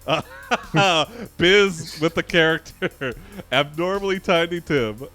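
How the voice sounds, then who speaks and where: A man's voice: on the high side, slow, sharp tone, soft background music. A man hosting a live AI storytelling stream, chatting casually and laughing often between story readings.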